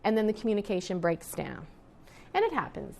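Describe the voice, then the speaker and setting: A middle-aged woman teaching a class in a chatty, storytelling way. She often backs up mid-sentence to restart, and turns to her students with quick asides. Her pitch sits in an ordinary middle range. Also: huge pitch swings, gravelly, darkish tone. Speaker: teacher and etiquette counselor.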